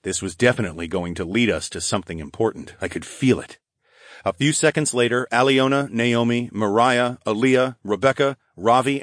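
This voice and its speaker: A man narrating a first-person audiobook in steady, even storytelling from a close mic. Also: dry recording. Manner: steady, even storytelling, voicing dialogue slightly higher.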